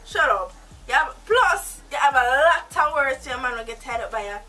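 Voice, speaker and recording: A woman's voice: a little high, fairly even intonation, racing, pushed and bright, faint music behind, poor audio. An actress with a Jamaican accent playing a menacing woman who holds a man captive, threatening and scolding him in patois. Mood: mocking, heated. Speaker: actor in a film. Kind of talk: film dialogue.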